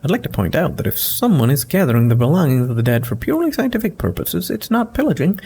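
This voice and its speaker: A prim, fussy scholar lecturing in a raised, rapid voice, as a man puts her on. Her delivery is pedantic and long-winded, with a gravelly grain underneath. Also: a little high, sing-song, darkish tone, slight background noise, voice pushed up.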